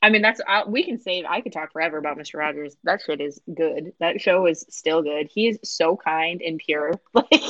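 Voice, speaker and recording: A woman's voice: deep voice, normal speed, few pauses, bright, forceful tone, no room sound, dull audio. A young woman co-hosting a casual podcast chat, gushing and laughing often. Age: young adult. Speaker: podcast co-host.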